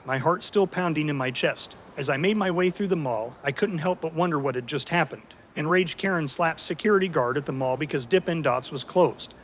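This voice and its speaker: A man narrating a story in an even, scripted way, as the host of a story channel. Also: on the high side, slight background noise.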